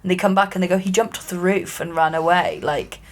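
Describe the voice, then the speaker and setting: A woman's voice: lowish voice, brisk. Sweary woman, comedy podcast host. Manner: sweary, storytelling, acts out quotes. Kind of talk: casual comedic chat.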